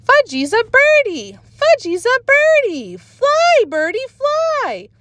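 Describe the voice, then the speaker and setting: A woman voicing an excitable toddler boy who squeals in baby talk. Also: very high voice, takes it slowly, dry recording, pitched above the performer's own voice, exaggerated voice. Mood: excited.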